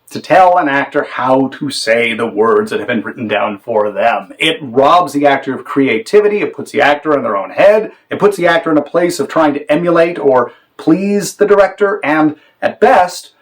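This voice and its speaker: A man teaching theater directing in a measured, demonstrative way, now and then acting out sample lines. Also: mid-range voice, rough recording. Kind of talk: instructional talk on directing.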